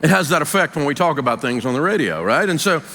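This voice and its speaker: A man's voice: a little high, lively intonation, fast talker, bright, forceful tone, in a large hall. Folksy Southern man, emphatic host. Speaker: radio show host. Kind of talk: motivational talk-show monologue.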